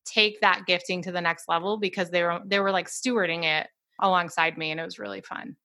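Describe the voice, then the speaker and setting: A woman's voice: lowish voice, fairly even intonation, a little fast, sharp tone. A woman guest on a faith podcast, talking in an earnest, enthusiastic way and leading a prayer. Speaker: podcast guest, author and speaker.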